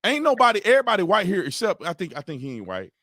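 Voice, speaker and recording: A man's voice: high voice, huge pitch swings, rapid-fire, sharp tone, dry recording, clean studio sound. A man on a talk show panel, emphatic and sarcastic in his commentary. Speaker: panel guest. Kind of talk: heated political commentary.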